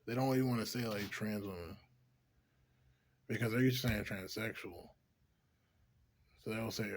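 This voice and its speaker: A vlogger talks to the camera in a loose, rambling monologue, his voice on the low side at a normal speed with frequent pauses. He swears freely, leans heavily on "like," and laughs often between thoughts.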